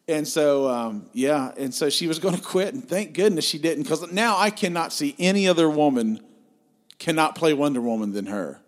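A man's voice: fairly high pitch, normal speed. A man co-hosting a film review podcast, talking casually and enthusiastically, often stumbling and restarting his sentences.

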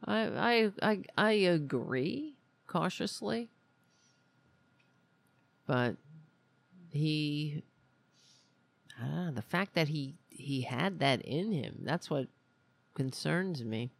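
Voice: medium pitch, lively intonation, takes it slowly, gravelly, pauses often, dry recording. A podcast host in casual political talk, rambling and grumbling with lots of restarts, sounding irritable.

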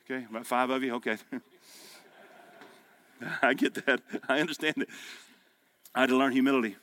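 Bright-voiced preacher man. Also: mid-range voice, moderate pace. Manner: folksy, emphatic preaching, rising to loud peaks. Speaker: pastor. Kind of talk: sermon. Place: men's breakfast gathering hall.

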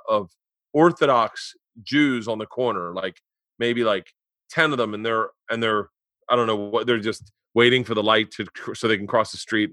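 Bright-voiced comedian host, dry sound. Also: male voice, on the low side, dry recording. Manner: rambling storyteller, animated when retelling stories. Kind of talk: casual remote chat. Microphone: remote call.

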